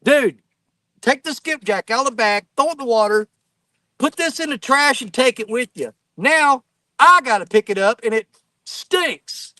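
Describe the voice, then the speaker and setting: High-voiced blunt fishing host by a river. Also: male voice, animated, sharp tone, no echo. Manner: folksy and blunt, quick to get irate. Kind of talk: casual outdoor storytelling. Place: riverbank outdoors.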